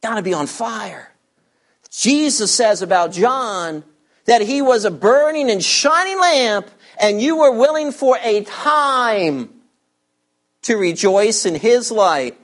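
A man's voice: very high voice, animated, takes it slowly, fairly bright tone. A man preaching a sermon, teaching verse by verse and asking his listeners rhetorical questions with strong emphasis. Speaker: pastor.

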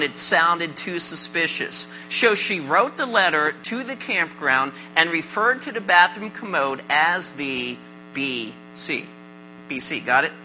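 A pastor giving a sermon to a congregation, mixing jokes with scripture and calling on listeners with quick questions. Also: mid-range voice, sharp tone, poor audio. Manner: calls on the congregation with "right?" and questions. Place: church service before a congregation.

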